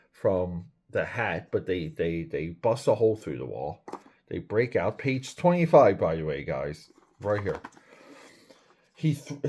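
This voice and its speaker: A man's voice: lowish voice, darkish tone. A man hosting a casual comic book review, rambling and critical, with many fillers and restarts.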